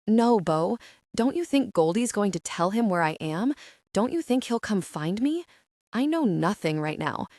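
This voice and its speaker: A woman's voice: mid-range voice, animated, a little slow, a little mellow, no room sound, clean studio sound. A woman voicing a tense male FBI agent.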